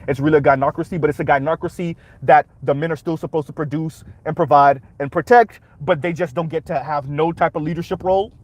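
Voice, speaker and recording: A man's voice: on the high side, darkish tone. A man hosting a reaction commentary, talking emphatically and punctuating his points with rhetorical "right?"s. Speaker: commentary channel host.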